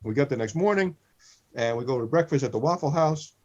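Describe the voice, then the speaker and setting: A comedy podcast co-host in his sixties tells wandering, funny stories at a slightly quick clip, his medium-pitched voice lively in intonation. He repeats himself and frequently drops in "listen." The recording sounds lo-fi and muffled.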